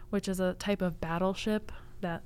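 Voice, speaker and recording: Chatty young woman, smooth clear voice. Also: mid-range voice, steady tone, normal speed, a little mellow. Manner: chatty, laughs often, says like and um a lot. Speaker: library staff guest presenting book picks. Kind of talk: casual storytelling chat.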